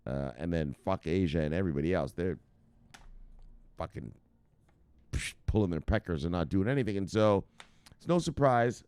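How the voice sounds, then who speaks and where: A man's voice: sits low, animated, normal speed, long pauses, a little mellow, clear, resonant tone, no echo. A man hosting a crypto news show in casual, profane commentary, brash and laughing at his own jokes. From United States.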